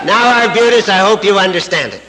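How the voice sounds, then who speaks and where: A man's voice: sits high, expressive, a little fast, background noise. A man from Canada giving a folksy, joke-filled talk at a recovery retreat, chuckling at his own stories. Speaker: AA speaker. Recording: archival live talk recording.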